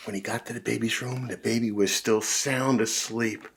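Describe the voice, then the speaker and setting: A man reading a children's picture book aloud, animated, with big voices and sound effects. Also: mid-range voice, normal speed, vocal fry, a little hiss or hum. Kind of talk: read-aloud storytelling for kids.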